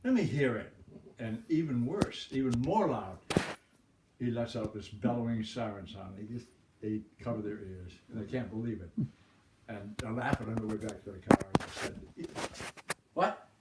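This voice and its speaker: A man's voice: on the low side, normal speed. An older man from the Boston area telling anecdotes in a chuckling, rambling, folksy way. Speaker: storyteller. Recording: roomy, distant mic, background noise.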